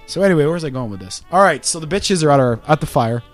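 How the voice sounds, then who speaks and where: A man spins a rambling, profane story on a podcast, his pitch leaping around with lots of life. Faint music sits in the background. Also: expressive, fast talker. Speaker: podcast host. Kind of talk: casual storytelling chat.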